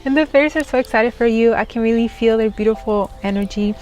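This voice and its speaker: A woman's voice: fairly high pitch, quick pace, a little mellow. Giggly, gushing woman tarot reader. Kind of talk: spiritual tarot reading.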